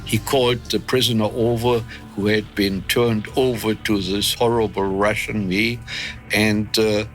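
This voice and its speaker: A man in his nineties from Germany, recounting wartime memories in an interview, unhurried and reflective with frequent hesitations. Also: fairly low pitch, steady tone, a bit bright, soft background music. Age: 90s. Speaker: interviewee, war veteran.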